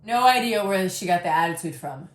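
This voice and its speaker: A woman in her thirties talks through a reaction video, blunt and sarcastic, swearing freely. Her pitch swings widely as she reacts. The room gives her voice a noticeable echo. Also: animated, brisk, heavy background noise. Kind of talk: casual reaction commentary.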